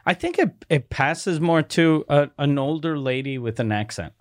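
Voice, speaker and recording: Comedian host, male, raised pitch, dry booth sound, loose rambling delivery. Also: lively intonation, moderate pace, no room sound. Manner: loose, rambling anecdotes, giggly laughter. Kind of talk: casual comedy podcast chat.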